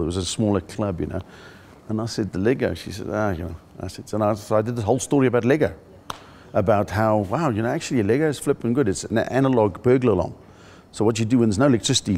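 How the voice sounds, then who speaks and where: Middle-aged South African male comic, interview; fairly low voice, lively storyteller who slips into impressions. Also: fast, vocal fry. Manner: animated storyteller who acts out other people's voices. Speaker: comedian interviewee. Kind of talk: casual interview chat.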